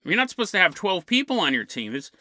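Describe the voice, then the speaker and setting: A man's voice: high voice, very animated, fast talker, pushed and bright, no room sound. A man hosting a paranormal podcast, telling a story with lots of energy and chuckling mid-sentence. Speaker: podcast host.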